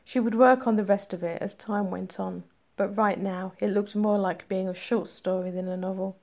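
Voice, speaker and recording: A woman narrating a romance story in a steady, measured reading voice. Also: medium pitch. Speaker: audiobook narrator. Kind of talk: scripted narration.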